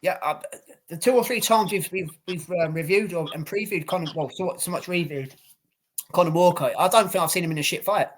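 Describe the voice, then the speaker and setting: A British man with a fairly high voice co-hosts a casual podcast. He talks loosely and bluntly, drops in swear words, and addresses the audience as ladies and gentlemen. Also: a little fast. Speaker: podcast co-host.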